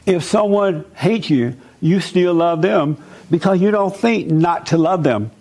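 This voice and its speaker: A man's voice: high voice, expressive, unhurried, darkish tone. A man giving an informal sermon in a conversational, folksy way, telling personal stories.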